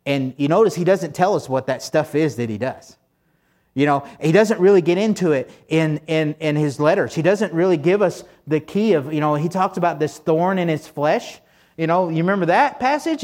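A man's voice: fairly high pitch, moderate pace, darkish tone. A man preaching a sermon in a conversational, folksy way, full of fillers and restarts. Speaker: pastor.

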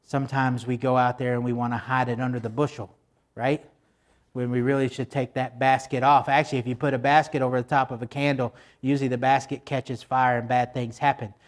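A man preaching a sermon in a conversational way, turning to the congregation with asides and slowing down to stress the scripture he quotes. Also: medium pitch, little pitch movement. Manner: slows down for emphasis when quoting scripture. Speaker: pastor.

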